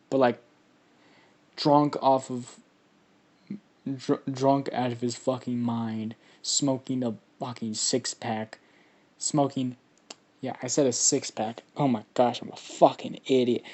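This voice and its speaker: A man's voice: medium pitch, fairly even intonation, slow, pauses often, dark tone. A man improvises a fan story in a loose, rambling way. He swears freely and leans on fillers as he goes.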